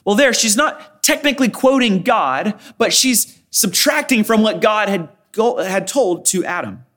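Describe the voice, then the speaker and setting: Guy pastor with a high voice, preaching, repeats himself for emphasis, lots of restarts. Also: animated, unhurried, fairly bright tone. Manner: expository, repeats phrases for emphasis; quotes scripture often, frequent restarts. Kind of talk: sermon.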